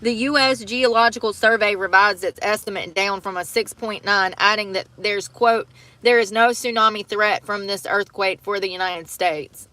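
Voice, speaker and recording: A young woman hosts a casual livestream, reading news stories aloud and stopping to react. Her voice is bright and forward, with exclamations and nervous laughs between the lines. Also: medium pitch, fairly even intonation, normal speed, no room sound. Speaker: livestream host.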